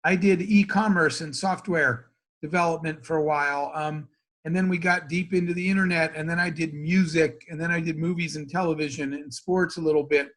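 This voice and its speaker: Animated high-voiced American businessman. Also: brisk. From United States. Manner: animated storyteller acting out dialogue. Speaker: interview guest, entrepreneur. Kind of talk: storytelling in a casual interview.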